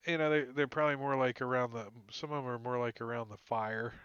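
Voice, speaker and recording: A man's voice: mid-range voice, steady tone, fast talker, fairly bright tone, smooth, no echo, lo-fi sound. Chuckling man running a tabletop game. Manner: casual, chuckling, lots of "like" and "uh". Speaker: game master.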